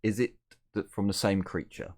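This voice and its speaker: A man narrating a tabletop game as game master, halting with many fillers, over an online voice call. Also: lowish voice, fairly even intonation, a little mellow.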